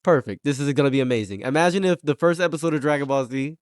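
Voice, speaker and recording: A man hosting a casual commentary chat, animated and laughing, often stammering and restarting. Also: mid-range voice, fast, clean tone, no echo, clean studio sound. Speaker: podcast host.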